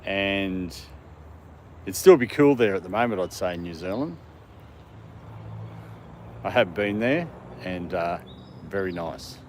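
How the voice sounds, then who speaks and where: A man's voice: low-pitched, animated, takes it slowly, long pauses, a little mellow, slight background noise. An Australian man hosting a casual livestream from a dog park, answering viewer comments and talking to his dog. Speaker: livestream host.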